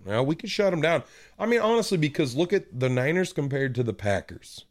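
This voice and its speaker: A man's voice: fairly high pitch, big pitch swings, a little fast, no room sound, studio quality. A man co-hosting a casual sports podcast, laid-back and agreeable. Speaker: podcast co-host.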